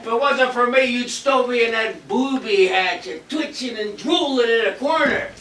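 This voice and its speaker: A man's voice: very high-pitched, moderate pace. A man acting a brash, insulting theatre producer in a stage comedy, recorded from far off in an echoey hall. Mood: bullying. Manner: gruff, loud and insulting. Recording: echoey stage from a distant mic, faint hiss.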